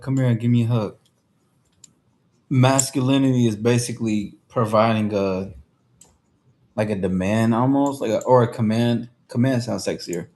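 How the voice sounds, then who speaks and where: A man's voice: medium pitch, a little mellow. A man hosting a casual livestream chat, talking loosely in slang and calling out to his viewers. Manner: laid-back slangy talk, addresses chat. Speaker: livestream host.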